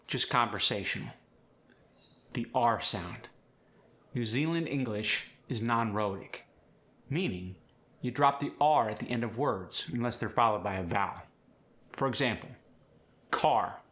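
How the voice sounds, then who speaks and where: Male accent coach hosting a tutorial, bright and forceful tone, clear and explanatory delivery. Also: mid-range voice, animated, measured pace, long pauses. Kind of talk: instructional tutorial.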